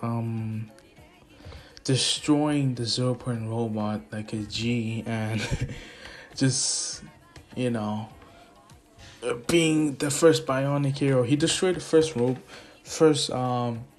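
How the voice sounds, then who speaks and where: A man's voice: mid-range voice, slow pace, faint music behind. A man casually retelling a story, rambling and chuckling often, with self-deprecating asides. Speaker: YouTube storyteller.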